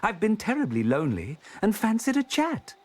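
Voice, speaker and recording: A man voicing a gentle, lonely male hedgehog who talks in a polite, old-fashioned way. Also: sits high, wildly swooping pitch, normal speed, a crowd in the background, pitched above the performer's own voice. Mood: warm.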